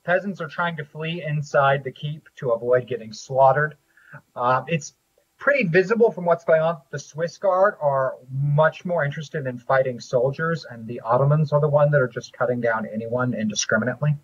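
A man narrating as game master, describing scenes and rulings in a measured way with frequent pauses. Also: a little high, breathy edge. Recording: dull lo-fi audio.

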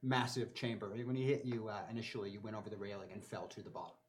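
A man's voice: on the low side, fast, noisy background. Man narrating as game master. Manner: relaxed, descriptive, with fillers.

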